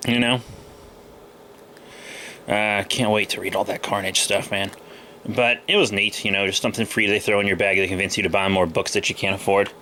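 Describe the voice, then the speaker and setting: Bright-voiced young man, a little sick. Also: lowish voice, level tone, normal speed, long pauses, a little hiss or hum. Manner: rambling, loose, with many fillers. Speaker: comic book vlogger. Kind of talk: casual haul video chat.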